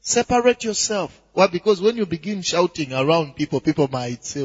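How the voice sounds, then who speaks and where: A man preaching a sermon with lively swings from quiet asides to shouts, often asking if the crowd is with him. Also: a little high, normal speed, breathy edge. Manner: animated, rising to shouts, asks "are you with me?". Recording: dull echoey hall recording.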